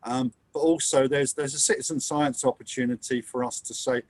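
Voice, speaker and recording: A man's voice: medium pitch, normal speed, hardly any pauses, no echo. An easygoing man from England runs the question session of an online meeting. He talks through fillers and restarts, his voice close and dry from a computer mic. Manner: relaxed, hesitant, many fillers. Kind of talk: hosting a video call Q&A. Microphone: computer mic on a video call.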